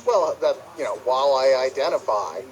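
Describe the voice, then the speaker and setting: A man's voice: mid-range voice, lively intonation, moderate pace, poor audio. A man co-hosting a casual film review chat, wry and mock-exasperated. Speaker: podcast co-host, film reviewer.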